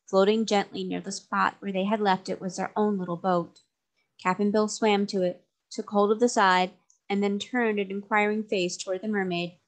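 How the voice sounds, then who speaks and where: A woman narrating a children's novel aloud in a steady, even way. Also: medium pitch, normal speed. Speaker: storybook reader.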